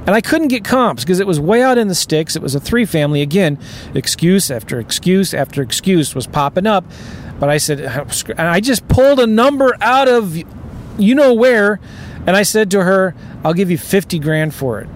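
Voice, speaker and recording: Emphatic man coaching, slightly high voice. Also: lively intonation, moderate pace, a little hiss or hum. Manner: emphatic, urgent, keeps asking "right?". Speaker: real estate investing coach. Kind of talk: motivational pep talk.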